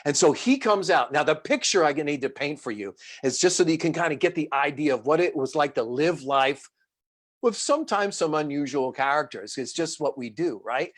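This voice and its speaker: Animated middle-aged man, storytelling speaker, rather high voice. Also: moderate pace. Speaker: motivational speaker. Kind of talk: storytelling talk.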